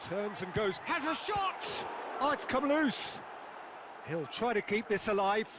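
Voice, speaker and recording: A man's voice: high-pitched, big pitch swings, a little slow. A man playing an adult male football play-by-play commentator in a video game, calling the match and rising on chances. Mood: excited. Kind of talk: scripted sports commentary. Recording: game audio with noise behind.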